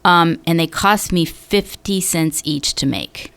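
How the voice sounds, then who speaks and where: A middle-aged woman from Northern California tells rambling stories in a casual interview. Her voice is low and gravelly, and she jumps up high when she acts out what other people said. The sound is close and dry, with no room around it. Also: slow, fairly bright tone, no room sound. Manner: chatty storyteller who acts out quoted voices with big pitch jumps. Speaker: podcast guest, yoga business founder.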